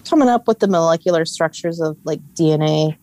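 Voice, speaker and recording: A woman's voice: deep voice, warm tone. Teasing woman podcast co-host. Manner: teasing, playful, quick quips. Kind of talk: casual chat.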